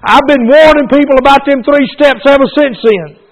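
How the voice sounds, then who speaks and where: A male preacher from North Carolina with a Southern accent, giving a fervent sermon and altar call that swings from loud exhortation to a hushed plea. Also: very high-pitched, moderate pace, low-quality recording. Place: church service.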